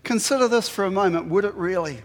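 High-voiced New preacher in a hall. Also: male voice, fast talker. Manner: conversational, animated preaching with rhetorical questions. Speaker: pastor. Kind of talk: sermon. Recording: long hall reverb.

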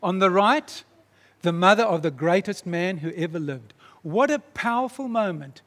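A man preaching, retelling a story in a dramatic, animated way. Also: high voice, normal speed. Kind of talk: sermon storytelling. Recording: long reverb in a large hall.

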